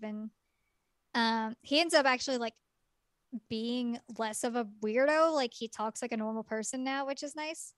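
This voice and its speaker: Woman chatting on a podcast, kinda high voice, lots of likes and ums, dry close mic. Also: a bit bright, clear, resonant tone, dry recording. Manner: chatty, filler-heavy retelling with lots of "like" and "um"; quick laughs and exclaimed asides. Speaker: podcast co-host reviewing a game. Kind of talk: casual podcast chat.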